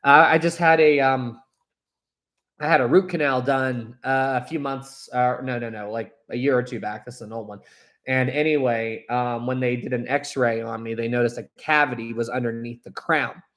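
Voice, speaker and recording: A man's voice: mid-range voice, fairly even intonation, normal speed, a bit bright. A young man hosting a casual live stream, reading viewer comments aloud and rambling chattily with frequent laughs.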